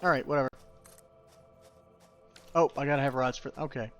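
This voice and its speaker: A young man with a fairly high, smooth voice speaks briskly but with long pauses, the highs cut off and faint music behind. As a gaming YouTuber playing a factory-building game, he gives casual, rambling tutorial commentary with self-deprecating asides.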